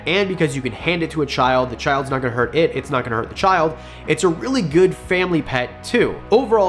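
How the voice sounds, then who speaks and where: A man's voice: a little high, fairly bright tone. A man hosting a pet-snake vlog, explaining care tips in a chatty, enthusiastic way with jokey asides. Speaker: reptile channel host. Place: home with pets around.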